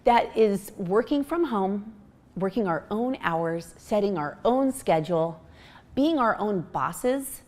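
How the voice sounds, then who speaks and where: A woman in her thirties talks in a casual, upbeat way as a team coach pitching the job to newcomers. Her talk is chatty and full of fillers and restarts, at an everyday middle pitch. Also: animated, takes it slowly, darkish tone.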